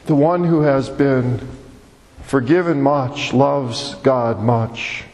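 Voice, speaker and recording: A man's voice: medium pitch, takes it slowly, darkish tone. A man preaching a sermon as pastor, with an emphatic, repetitive cadence. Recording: long hall reverb.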